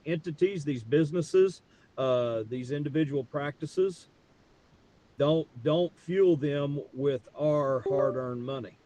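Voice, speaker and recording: A male guest in a talk show, speaking haltingly with many fillers. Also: a little high, mellow. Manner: halting, full of fillers and restarts. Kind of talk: casual political chat.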